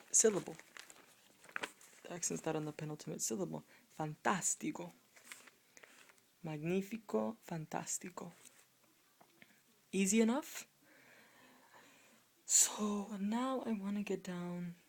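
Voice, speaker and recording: A Spanish tutor with a lowish, creaky, slightly mellow voice runs a casual video lesson. She repeats every example word several times and quizzes her viewers.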